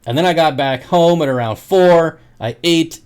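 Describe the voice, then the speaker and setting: A man's voice: on the high side, normal speed, a little mellow, smooth. A man who sells aquarium fish, chatting casually on his livestream, joking and laughing often. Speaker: aquarium fish seller and streamer.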